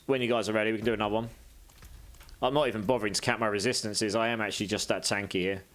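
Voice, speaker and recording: A man's voice: lowish voice, steady tone, rapid-fire, fairly bright tone. A British man streaming a game live, chatting casually as he reads out and answers viewer messages.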